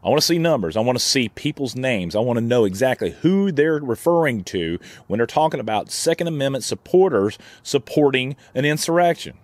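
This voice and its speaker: A man hosting his own gun channel delivers a heated, indignant opinion vlog rant, frequently restarting. His medium-pitched voice is animated and fairly quick with hardly any pauses, and there's no room sound.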